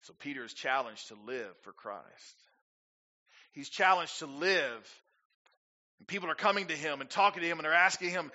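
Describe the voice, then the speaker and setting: Male pastor, bright voice a little high, sermon with emphatic rises and rhetorical questions, dull recording. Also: animated, moderate pace. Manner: preaching with rising emphasis, rhetorical questions to the congregation.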